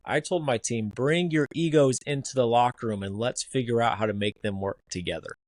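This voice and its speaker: Male podcast host, mid-pitched, dry close sound, reflective. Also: fairly quick, darkish tone, no room sound. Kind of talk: casual interview.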